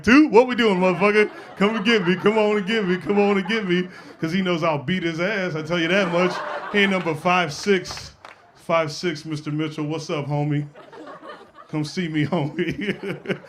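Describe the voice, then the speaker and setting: A brash young man tears through a profane stand-up routine, teasing the crowd between punchlines. His voice sits a little high for a man. Faint background noise runs under the stage mic. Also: fairly bright tone. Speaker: stand-up comedian. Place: comedy stage with a live audience laughing.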